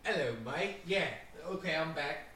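A man's voice: on the high side, a little slow, pushed and bright, recorded from a distance, a little hiss or hum. A man narrating a tabletop game as game master in a loose, joking way. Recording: very echoey room, voice off-mic.

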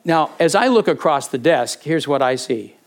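An older male preacher telling a story from his own life in a slightly high voice. He talks casually, repeats words as he restarts his sentences, and acts out the people in the story. His delivery is animated and personal. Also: moderate pace, very noisy. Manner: conversational, with repeated words and fillers. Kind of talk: sermon storytelling.

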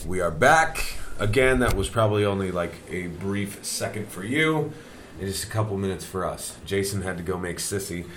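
Man, podcast host, low voice, laid-back, swears a lot, faint background hiss. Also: expressive, moderate pace, a bit bright. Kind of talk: casual chat. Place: old manor house.

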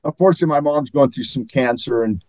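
A man's voice: medium pitch, quick pace, darkish tone, dry recording, poor audio. An older man, a former athlete and guest, telling stories in a rambling, chuckling way. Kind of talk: anecdotal interview storytelling.

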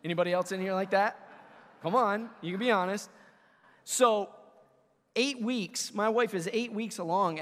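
High-voiced preaching man in a hall. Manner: energetic, conversational preaching with audience call-outs. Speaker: pastor. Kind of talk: sermon. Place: church sanctuary.

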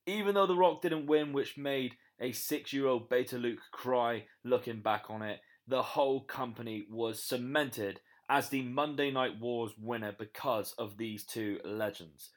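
A man's voice: mid-range voice, unhurried, few pauses. A young British man with a British accent, upbeat and promotional as a guest pick on a wrestling podcast. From Britain. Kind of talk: pre-recorded podcast segment.

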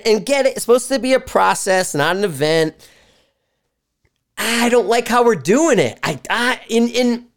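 A man hosts a podcast in an unscripted, rambling monologue. He swears freely and tells his stories with animation, and his pitch swoops widely between high and low. It comes across as casual talk into a live streaming mic. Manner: profane, animated storyteller. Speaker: podcast host.

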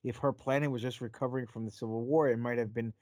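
A man hosts a casual podcast, wandering through stories and corny jokes with lots of ums and uhs. His voice sits at a middle pitch. The studio sound is dry and close. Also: fairly even intonation, quick pace, darkish tone, no room sound. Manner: rambling, joke-telling, many fillers. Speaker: podcast host.

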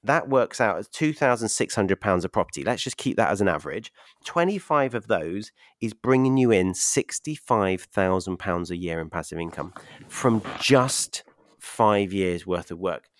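A man hosts a podcast with a lowish voice, upbeat and quick to laugh. He works through numbers step by step in a casual, encouraging way. The sound is dry and close. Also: expressive, no echo. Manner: upbeat, laughs often, explains figures step by step. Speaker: podcast host and property investment mentor.

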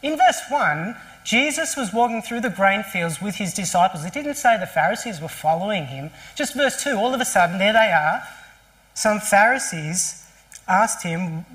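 Lively storytelling preacher. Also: mid-range voice, normal speed. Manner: lively storytelling with restarts and rhetorical questions. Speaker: pastor. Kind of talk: sermon. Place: church service.

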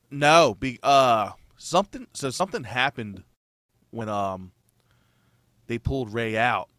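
A man's voice: mid-range voice, fairly bright tone, no echo. A young man in casual chat, telling a story in a rambling way, swearing freely and acting out his own reactions. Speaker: new father telling a birth story.

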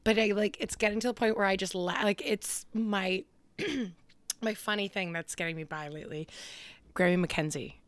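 A woman's voice: mid-range voice, normal speed, smooth, no echo. A young woman co-hosting a podcast in casual chat, telling jokey stories. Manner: animated, jokey storyteller. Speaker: podcast co-host.

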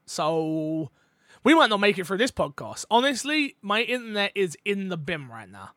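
A British man co-hosting a casual gaming podcast, his voice high and bouncing with lively swings. The tone is bright and forceful, recorded dry and close with little room sound. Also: moderate pace, no echo. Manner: playful, animated, jokes and does voices. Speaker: podcast co-host.

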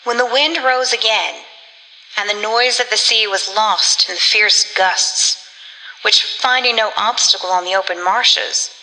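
Bright-voiced woman narrating a story. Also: medium pitch, a little slow. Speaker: audiobook narrator. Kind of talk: scripted narration. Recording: long reverb.

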